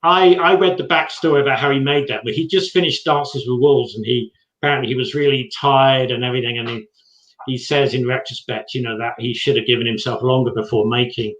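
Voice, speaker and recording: A man's voice: mid-range voice, fairly even intonation, a little fast, fairly bright tone. A British man from England, co-hosting a casual TV chat and talking hesitantly with many restarts. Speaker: co-host. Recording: roomy, dull lo-fi sound.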